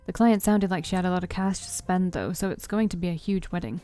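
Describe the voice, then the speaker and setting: A woman's voice: on the low side, fast talker, mellow, natural voice. A woman reading the lines of a cheerful, teasing young woman photographer while playing a story game. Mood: upbeat. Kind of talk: reading a visual novel aloud.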